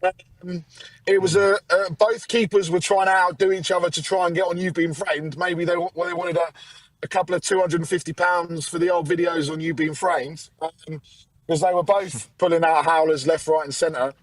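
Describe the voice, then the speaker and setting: A man's voice: on the high side, steady tone, moderate pace, dry recording, poor audio. A man from England calling in by phone from the roadside after a match, chatting about football with jokey, mock-outraged banter. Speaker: fan show regular calling in. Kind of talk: casual football chat.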